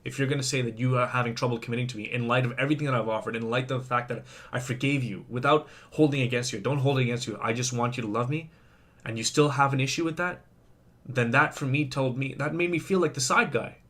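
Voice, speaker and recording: A man's voice: mid-range voice, fairly even intonation, quick pace, fairly bright tone. Man vlogger, worked up and rambling, defensive monologue. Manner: agitated, rambling, self-justifying. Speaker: vlogger in a reacted-to clip. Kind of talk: venting monologue to camera.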